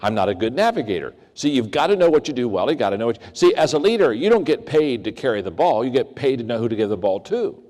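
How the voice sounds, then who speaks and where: A man's voice: quick pace, hardly any pauses. An older man giving a leadership talk, telling stories and acting out the people in them with big swings in voice. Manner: animated, acts out quoted voices with big pitch swings. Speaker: leadership speaker. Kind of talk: storytelling keynote talk. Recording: long reverb of a large hall.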